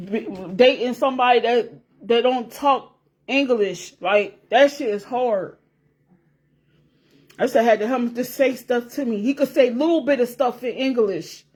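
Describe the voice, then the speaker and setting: Rambling, swearing woman vlogger with a high voice. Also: a little mellow. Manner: rambling, repeats herself, swears freely, laughs as she talks. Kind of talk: casual chat to camera.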